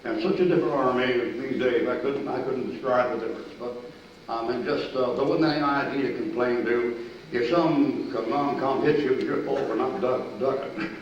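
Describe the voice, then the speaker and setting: An older man preaches in a folksy, animated manner, breaking into shouts and chuckles as he tells his stories. His voice sits at an ordinary middle pitch. It is recorded from a distance in a very echoey church, and the sound is dull and lo-fi. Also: moderate pace, slight background noise. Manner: folksy, animated, shouts and laughs mid-story. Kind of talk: sermon with army stories. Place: church sanctuary.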